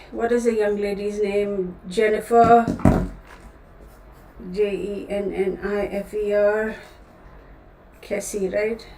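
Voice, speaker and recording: A woman's voice: medium pitch, darkish tone, far from the mic, a little hiss or hum. A woman with a Texan accent hosting a tarot livestream in a chatty, rambling way, often breaking off mid-thought and calling her viewers "y'all". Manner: chatty, self-interrupting, addresses viewers as y'all. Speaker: tarot reader, channel host. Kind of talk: casual livestream chat. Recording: roomy, a bit off-mic.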